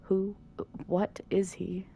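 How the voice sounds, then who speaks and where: A woman calmly narrating a visual novel as soft bedtime reading, with dry asides. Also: mid-range voice, takes it slowly, gravelly, muffled recording, slight background noise.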